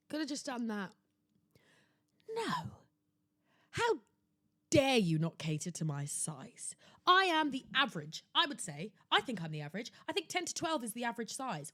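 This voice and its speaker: A young woman hosting a podcast, talking in a theatrical, exclamatory way that jumps between loud outbursts and hushed asides. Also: a little high, no room sound, studio quality. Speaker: podcast host. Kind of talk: casual chatty monologue. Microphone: laptop recording setup.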